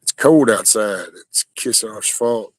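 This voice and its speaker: A man with a lowish voice hosts a livestream, rambling casually with viewers, swearing often and stopping and restarting sentences. The recording is dry with no room sound, and the audio quality is poor.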